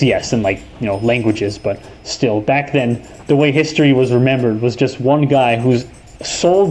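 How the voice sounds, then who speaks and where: A young man from New York talks at a home desk mic, voice of ordinary middle pitch. He rambles, backtracks and drops curses mid-thought. A faint room hum sits underneath. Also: a little mellow, poor audio. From New York, USA. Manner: rambling, profane, self-correcting. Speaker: host. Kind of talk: casual gaming chat. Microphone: desk microphone.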